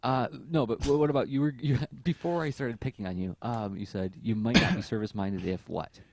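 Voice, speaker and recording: Brisk and a little mellow, this medium-pitched man co-hosts a podcast. He talks casually in long, thoughtful stretches sprinkled with plenty of fillers.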